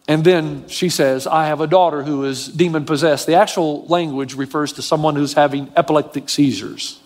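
High-voiced preaching man in a hall. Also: moderate pace. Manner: animated preaching, swinging from low to high. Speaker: pastor. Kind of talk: sermon.

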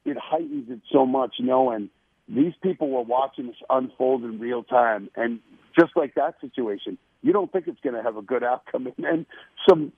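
A man guesting on a radio show to promote a program, talking with excitement and often repeating words. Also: mid-range voice, gravelly, slightly rough, no echo. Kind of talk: casual radio interview. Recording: tinny phone-line sound.

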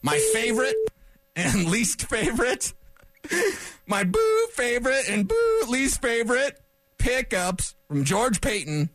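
Animated opinionated sports radio man. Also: very high-pitched, slow pace, dry recording. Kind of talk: sports talk radio monologue.

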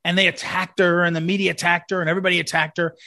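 A man with a fairly high voice tells fond stories in a loose, rambling way, often restarting his sentences. The sound is dry and close, with no room echo. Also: little pitch movement, racing, sharp tone. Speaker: commentary host. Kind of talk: eulogy-style spoken commentary.

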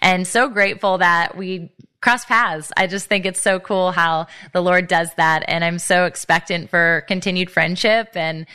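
A woman's voice: lowish voice, fairly even intonation, unhurried, bright, forceful tone, clear, resonant tone. A woman hosting a faith podcast interview, talking in long, effusive, affirming run-on phrases. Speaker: podcast host.

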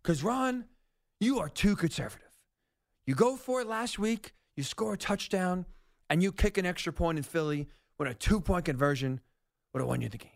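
A man hosting sports talk radio, ranting in an animated, sarcastic monologue about football decisions. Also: sits high, moderate pace, vocal fry.

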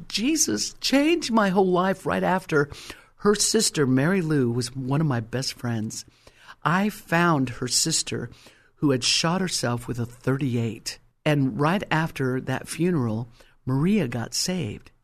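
A woman's voice: rumbling low, expressive, unhurried. An older woman giving a personal faith testimony, telling her story emphatically and acting out the quotes. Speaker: Christian testimony speaker.

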